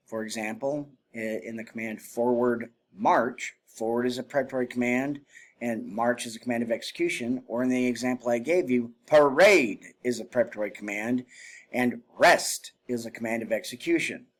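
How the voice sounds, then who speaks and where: A man giving a spoken lesson on military drill, explaining plainly and breaking into loud shouted commands and counts when he demonstrates. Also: mid-range voice, fairly even intonation, normal speed. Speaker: drill instructor.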